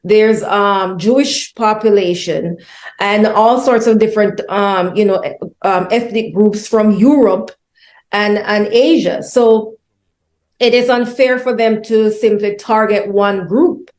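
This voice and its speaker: A woman's voice: medium pitch, takes it slowly, darkish tone, roomy sound. A woman interviewer asking long questions in a hesitant way, full of fillers. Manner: hesitant, filler-heavy phrasing.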